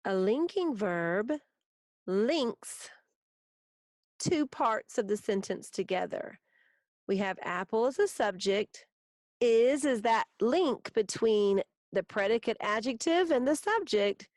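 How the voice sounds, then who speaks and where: A woman teaching a recorded grammar lesson, explaining patiently and reading example sentences slowly for students to write down. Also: on the high side, expressive, a little mellow, no echo, clean studio sound.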